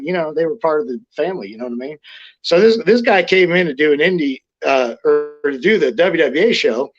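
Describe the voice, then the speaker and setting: A middle-aged man, a former wrestler, telling stories in a casual interview, blunt and profane, rambling with restarts. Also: on the high side. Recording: lo-fi muffled audio.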